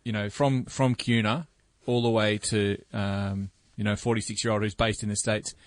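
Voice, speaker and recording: A man co-hosting a golf podcast, asking enthusiastic, halting questions. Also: lowish voice, flat delivery, dry recording. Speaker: podcast co-host. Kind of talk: casual interview chat.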